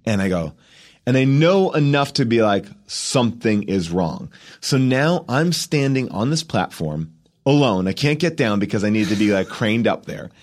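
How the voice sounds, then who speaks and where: A man guest on a podcast, telling a story animatedly, acting out quotes and restarting his sentences fast. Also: medium pitch, animated. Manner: acts out quotes, rapid restarts.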